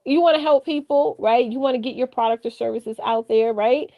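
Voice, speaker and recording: A woman co-hosting a live stream, coaching viewers in a chatty, animated way, laughing often and talking straight to the chat. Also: fairly high pitch, brisk, highs cut off. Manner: drifts off track, repeats key points for emphasis. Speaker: live-stream co-host on branding and AI.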